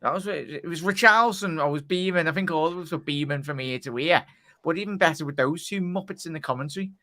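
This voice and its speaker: Cheeky bright-voiced lad. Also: male voice, fairly high pitch, fast talker. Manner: cheeky, banter-heavy, calls everyone mate and lads. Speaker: football podcast co-host. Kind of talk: casual post-match chat.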